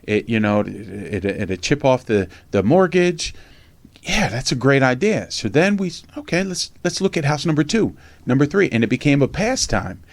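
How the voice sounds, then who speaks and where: Guy telling a story, super lively, does everyone's lines, cusses, dead dry recording. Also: medium pitch, normal speed, no room sound. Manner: animated, acts out other people's lines, swears casually. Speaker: podcast host and memoir author. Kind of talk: casual storytelling.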